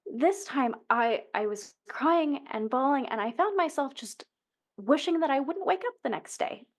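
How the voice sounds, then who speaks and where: Woman in her thirties with a bright, higher voice, earnest and open as she shares a personal story as an interview guest. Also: lively intonation, moderate pace. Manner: earnest, emotional, self-correcting restarts.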